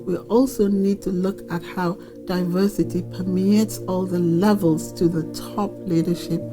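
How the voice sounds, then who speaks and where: A woman speaking firmly and deliberately in an interview. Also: lowish voice, fairly even intonation, over music. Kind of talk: interview statement.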